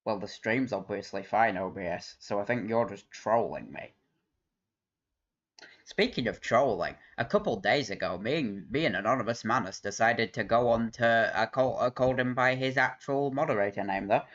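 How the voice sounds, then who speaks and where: Guy chatting on his stream, lowish voice, rambly and sweary, kinda dull lo-fi audio. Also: moderate pace, a bit bright. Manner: rambling, laughs a lot, swears casually. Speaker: livestream host. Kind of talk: casual live-stream chat.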